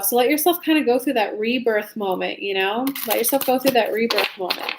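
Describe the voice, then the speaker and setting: A woman's voice: on the high side, fairly quick, few pauses, fairly bright tone, slight background noise. A young woman doing a casual, chatty tarot reading livestream from home, talking loosely and informally to her viewers. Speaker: tarot reader. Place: home room with soft lighting.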